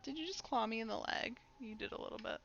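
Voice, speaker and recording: Woman streamer chatting playfully during a game, kinda high voice with some fry, dull dry stream audio. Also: fast talker, fairly bright tone, slight background noise. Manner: playful, chatty, talking to her pet and chat. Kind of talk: casual live-stream gaming commentary.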